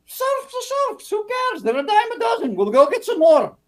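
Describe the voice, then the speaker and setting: A man's voice: extremely high pitch, huge pitch swings, moderate pace, heavily acted. A man playing a haughty, callous young prince in an improv comedy scene, dismissive of his subjects. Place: small stage.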